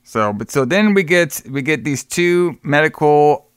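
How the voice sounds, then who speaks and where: A man's voice: on the high side, expressive, unhurried, clean tone, no echo, clean studio sound. A man co-hosting a podcast, retelling a movie in a rambling, casual way with plenty of swearing. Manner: rambling, swearing, acts out quotes with laughs. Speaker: podcast co-host. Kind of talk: casual movie review chat.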